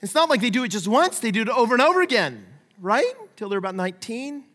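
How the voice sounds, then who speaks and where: A middle-aged man preaching a sermon as a pastor, lively and conversational, playfully acting out the voices he quotes. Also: extremely high pitch, fast talker. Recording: long reverb of a large hall.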